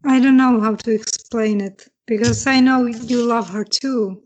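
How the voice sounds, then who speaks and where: A woman's voice: a little high, fairly even intonation, unhurried, a little mellow, low-quality recording. A woman playing her character in a tabletop game, speaking hesitantly and searching for words. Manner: hesitant, searching, many restarts. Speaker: player. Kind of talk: in-character role-play.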